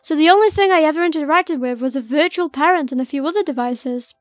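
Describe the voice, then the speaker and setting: A woman reading as a calm otherworldly male being. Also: sits high, quick pace, no echo, lightly acted. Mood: wistful. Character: calm mysterious male entity remembering past lives.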